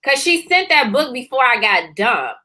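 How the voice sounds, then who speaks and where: A woman co-hosting a casual chat, telling a personal story in a lively way, full of fillers and acted-out voices. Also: high-pitched, moderate pace, rough recording. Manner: animated, acts out voices, many fillers. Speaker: co-author and co-host.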